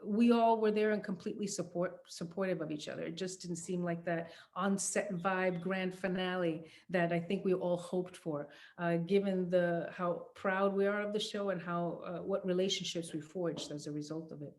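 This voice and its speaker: A woman's voice: on the low side, fairly even intonation, moderate pace, hardly any pauses, a little mellow. A middle-aged woman answering interview questions about her acting work, talking casually with many fillers and restarts, and laughing easily. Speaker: actress being interviewed.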